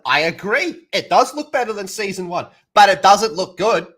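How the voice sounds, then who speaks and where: Animated, profane male streamer. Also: sits high, normal speed, slightly rough. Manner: heated, profane, sarcastic ranting. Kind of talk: livestream rant.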